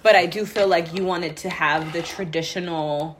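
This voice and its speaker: A woman in her thirties in a relaxed family chat, teasing her father with loose, filler-heavy talk. A faint hiss of noise sits under her voice. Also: on the low side, normal speed. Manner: casual, lots of "like", teasing. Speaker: daughter, co-host. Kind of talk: casual family podcast chat.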